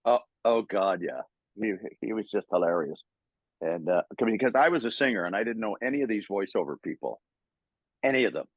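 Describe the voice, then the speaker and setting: A man's voice: fairly low pitch, lively intonation, fairly quick, dry recording, phone-quality sound. An older Canadian man telling stories in a casual interview, laughing often and stammering as he acts out old quotes. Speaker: voice actor guest.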